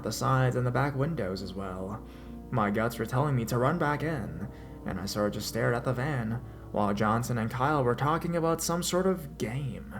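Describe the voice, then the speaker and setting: A man narrating a horror story as a scripted reading, dramatic, with his pitch and loudness swelling in the tense parts. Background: faint music.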